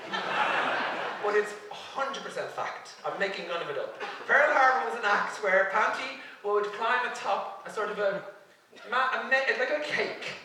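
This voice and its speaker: High-voiced Irish man roasting on stage. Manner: brash, bawdy, teasing delivery. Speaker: roast host. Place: large club or theatre stage. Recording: echoey live venue, far from mic, loud crowd. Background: audience laughter and cheering.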